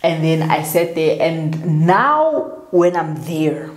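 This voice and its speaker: A South African woman vlogger with a low, deep-set voice tells her story slowly but with lively, chatty energy, acting out the lines of the people she quotes. The room she's in is noticeably echoey.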